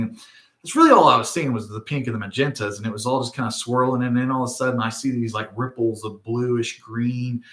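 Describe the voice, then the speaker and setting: Middle-aged male spiritual vlog host, chatty and digressive, average pitch, roomy reverb. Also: a bit bright. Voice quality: frequent tag questions, digressive storytelling. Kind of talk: casual rambling monologue. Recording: roomy echo.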